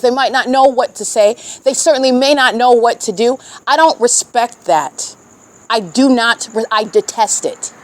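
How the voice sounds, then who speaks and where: A woman's voice: fairly high pitch, slight background noise. A woman giving an impassioned religious monologue, emphatic and preachy, repeating phrases and firing rhetorical questions. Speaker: self-documenting vlogger.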